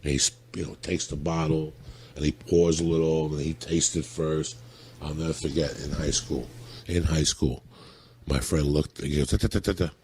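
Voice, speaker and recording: A man, a comedian on a podcast, telling profane, animated stories and acting out the people in them. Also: a bass voice, normal speed, a little hiss or hum. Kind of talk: profane storytelling.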